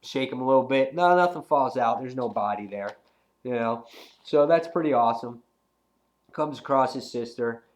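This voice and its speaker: A young man with a cold, reviewing a comic book in a rambling, slangy, excitable way. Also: mid-range voice, moderate pace. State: has a cold. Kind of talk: casual video review.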